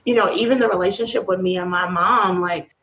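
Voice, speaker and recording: A woman guest in a casual talk about faith, telling stories in a slangy, lively way with frequent laughter. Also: fairly low pitch, a little fast. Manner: animated storytelling with laughs. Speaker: podcast guest. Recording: dull lo-fi sound.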